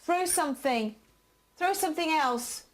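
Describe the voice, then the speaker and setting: A woman's voice: high-pitched, expressive, a little slow. A woman leading a live paranormal investigation, pleading with spirits to make noises for her. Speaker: lead investigator and presenter. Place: indoors, dark haunted building.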